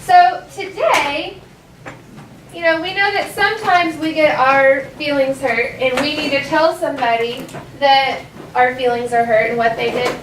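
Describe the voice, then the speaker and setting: A woman with a high voice teaches a class, saying phrases slowly and clearly for the students to repeat. She is picked up from across an echoey classroom, with a faint hiss underneath. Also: steady tone, recorded from a distance. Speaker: elementary school teacher. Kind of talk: classroom language lesson.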